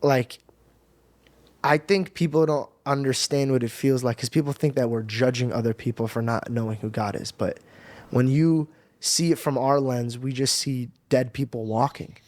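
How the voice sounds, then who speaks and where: A man's voice: mid-range voice, moderate pace, dry recording. A young man telling an emotional personal testimony on a podcast, talking casually with slang. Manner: casual, animated storytelling with slang. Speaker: podcast guest.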